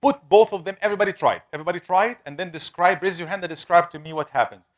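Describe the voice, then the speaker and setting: Man, teacher, fairly high voice, drawn-out repeated sounds, questions the class. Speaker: tajweed teacher. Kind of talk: interactive classroom lesson.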